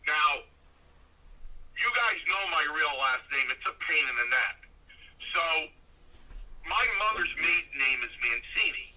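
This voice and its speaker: Former wrestler, sixties, lively storyteller, bright and husky, phone-line sound. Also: male voice, fairly high pitch, measured pace, pauses often. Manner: animated anecdote teller who acts out quoted voices. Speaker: former pro wrestler guest. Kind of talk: storytelling interview. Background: car navigation prompts.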